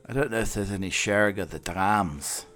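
A man's voice: on the low side, moderate pace, fairly bright tone, faint music behind. A Scottish man hosting a podcast, rambling through a jokey, musing comic monologue. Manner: jokey, musing, drifts between tangents. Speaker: podcast host.

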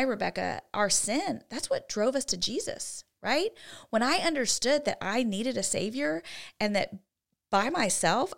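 A woman's voice: fairly high pitch, gravelly. Earnest woman teaching Christian parenting. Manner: earnest and teaching, with lively shifts in volume. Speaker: co-host of a Christian parenting show. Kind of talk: faith-based parenting talk.

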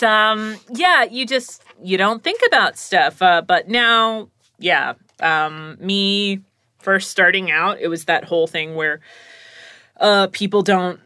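A woman voice actor in casual chat, talking quickly and acting out the people she quotes. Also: medium pitch, no room sound. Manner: chatty, animated, acts out quoted voices.

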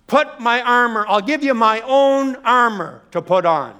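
A man's voice: very high voice, lively intonation, a little slow, sharp tone, clear, resonant tone, full character voice. A preacher voicing a proud, dismissive king.

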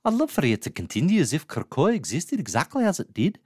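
A stately cartoon woman with a lilt gives out her blessings in a high, lofty voice, put on by a man. Her pronouncements sound ceremonial and grand, and her pitch sweeps widely. The room is dry and close. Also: wildly swooping pitch, fast, a little mellow, breathy edge, no room sound, exaggerated voice. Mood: grandly benevolent.

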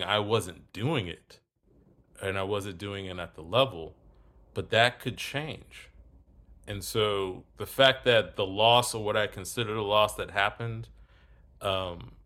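A man's voice: on the low side, measured pace. A man telling a story in casual talk, acting out both sides of a conversation. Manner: animated, acts out both sides of dialogue.

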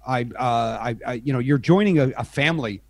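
A man's voice: medium pitch, fairly quick, no echo. Middle-aged man, podcast guest, rambling self-deprecating storyteller, mid-range voice, dry close mic. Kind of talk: casual anecdotal storytelling.

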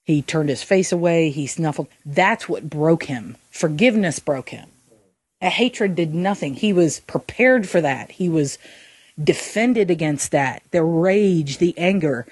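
A woman co-hosting a faith podcast, talking earnestly and haltingly, often restarting her sentences. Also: deep voice, lively intonation, darkish tone, slightly rough, no room sound. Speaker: podcast co-host. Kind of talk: reflective faith podcast talk.

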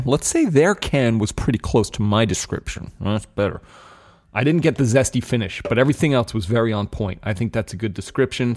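A young adult man hosting a beer podcast, chatting casually and candidly about a beer's taste, rambling and swearing now and then. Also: fairly low pitch. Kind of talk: casual tasting chat.

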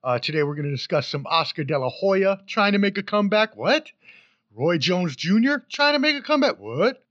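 A man hosting a podcast in a higher voice, playful and rambling as he hypes the episode. The sound is dry and close, and a little dull. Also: expressive, fast talker, a bit bright, no echo. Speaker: podcast host. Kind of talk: casual podcast intro.

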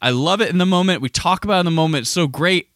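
A man's voice: very fast, no room sound, clean studio sound. A man hosting a casual podcast, talking in a rambling way with many restarts. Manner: rambling, restarts, lively pitch. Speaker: podcast host.

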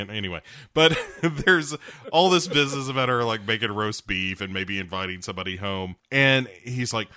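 A man's voice: fairly low pitch, normal speed, sharp tone, dry recording, clean studio sound. A man recapping a movie in casual chat, sarcastic and profane, acting out the characters. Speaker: podcast co-host.

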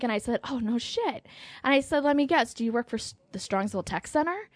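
A woman's voice: high-pitched, lively intonation, moderate pace, pauses often, no echo, studio quality. A woman casually telling a dating story on a podcast, often breaking into giggles. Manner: giggly, laughs through her storytelling. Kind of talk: casual chat.

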